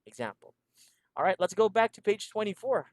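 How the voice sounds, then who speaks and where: A man's voice: high-pitched, sing-song, a little fast, background noise. A man teaching a one-on-one English lesson over a video call, patiently repeating instructions and laughing often. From Philippines.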